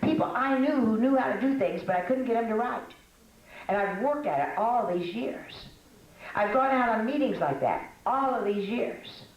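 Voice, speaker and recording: An older woman giving a folksy, self-mocking talk to a women's meeting, with frequent laughs and fillers. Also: on the high side. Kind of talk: conversational talk to a women's audience. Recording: echoey room.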